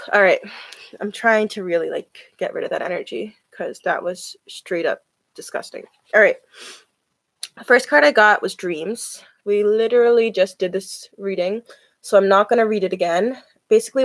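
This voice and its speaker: Reading tarot cards on a live stream, a woman chats casually, filling her talk with "like." Her voice is medium-pitched, with no room sound.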